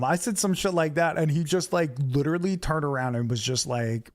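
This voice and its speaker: Animated New streamer telling a story. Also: male voice, fairly high pitch, brisk, hardly any pauses. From New York. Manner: animated, profane, gets loud when retelling confrontations. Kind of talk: casual storytelling to live chat.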